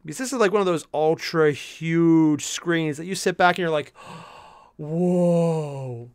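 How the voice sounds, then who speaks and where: A young man streaming while he paints miniatures, chatting with viewers in an animated, jokey way. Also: on the high side, a little slow, smooth, no room sound, clean studio sound. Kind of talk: casual live-stream chat.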